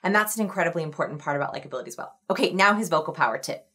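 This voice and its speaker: A woman with a somewhat low voice presents an explainer video straight to camera. She talks in an upbeat, instructive way, guiding the viewer through tips. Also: lively intonation, racing, sharp tone, breathy edge. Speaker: host of a video on likability.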